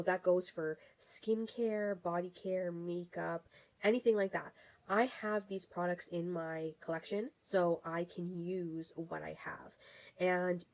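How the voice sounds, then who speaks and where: Young woman, low-ish voice, casual rambling beauty vlogger talking straight to camera. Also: darkish tone, low-quality recording. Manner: chatty, rambling with restarts and fillers. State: has the hiccups.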